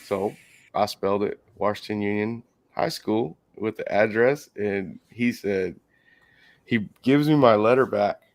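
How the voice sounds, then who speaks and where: A man's voice: lowish voice, a little slow. A man with a Southern US accent hosting a casual live stream from his workshop, telling stories with lots of cursing and laughter. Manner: profane, laughing storyteller. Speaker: shop host.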